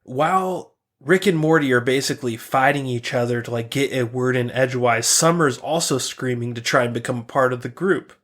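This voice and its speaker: A man's voice: medium pitch, fairly quick, few pauses, a bit bright. A man co-hosting a podcast, retelling a cartoon episode in casual chat, rambling with many fillers and swearing freely. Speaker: podcast co-host.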